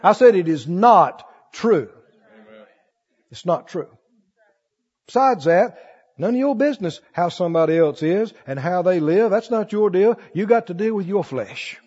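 High-pitched husky preacher in a hall. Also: male voice, expressive, a little slow, a little mellow. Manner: preaching with call-and-response questions; acts out quoted voices of doubters. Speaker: pastor. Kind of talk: sermon. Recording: dull recording in a large echoing hall.

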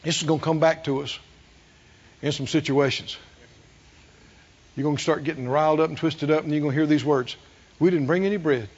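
A middle-aged man preaching a sermon, folksy and animated, asking the congregation questions. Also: a little high, fairly quick, pauses often, highs cut off, a little hiss or hum. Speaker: pastor.

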